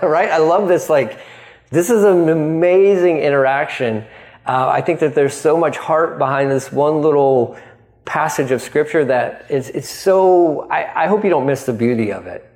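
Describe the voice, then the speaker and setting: Animated male pastor preaching. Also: fairly high pitch, normal speed. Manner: animated, acting out voices in dialogue; frequent restarts and stumbles. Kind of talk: sermon.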